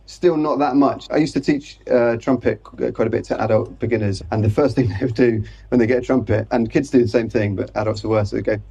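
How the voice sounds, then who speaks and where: A man hosting a live show on stage, chatting quickly and explaining with demonstrations. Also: mid-range voice, steady tone, creaky, dark tone, husky, highs cut off. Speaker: podcast host and trumpeter. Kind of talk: live conversational interview. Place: stage before a live audience.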